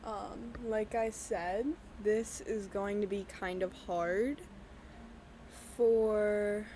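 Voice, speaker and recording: A young woman hosting her own podcast, talking candidly in a halting, hesitant way with many pauses and ums. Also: mid-range voice, fairly even intonation, dark tone, a little hiss or hum. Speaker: podcast host. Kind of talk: candid personal talk. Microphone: voice-only recording with a black screen.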